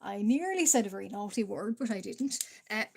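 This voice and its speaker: A woman's voice: on the high side, lively intonation, moderate pace, a little mellow, a little hiss or hum. An Irish woman from Ireland chatting casually with viewers on a live stream while she draws. She is stuffy from allergies, coughs now and then, and fills her talk with "uh", small laughs and greetings.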